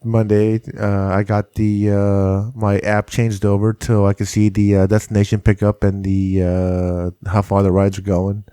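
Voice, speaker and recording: A man with a Southern Californian accent hosting a casual podcast, talking in a relaxed, rambling way with many fillers. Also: lowish voice, unhurried, few pauses, clear, resonant tone, dry recording, studio quality. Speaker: podcast host.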